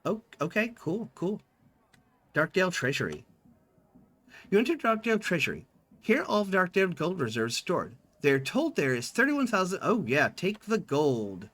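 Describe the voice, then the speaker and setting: Lively man reading game text aloud. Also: sits high, normal speed. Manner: lively, reads in-game dialogue with small voice changes. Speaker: streamer.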